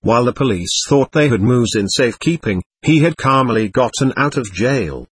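Husky guy reading a story out loud, lively ups and downs, dry close sound. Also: mid-range voice, normal speed, no room sound. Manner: steady, expressive reading. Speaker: narrator. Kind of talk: first-person storybook narration.

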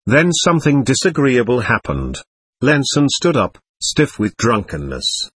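A man's voice: medium pitch, huge pitch swings, unhurried, fairly bright tone, slightly rough, dry recording. A man narrating an audiobook in the first person, reading with expression.

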